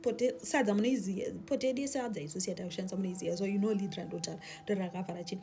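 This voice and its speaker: A woman's voice: medium pitch, very fast, dark tone. A young woman with a Zimbabwean accent telling a story in a casual chat, mixing Shona with English and dropping to a whisper for suspense.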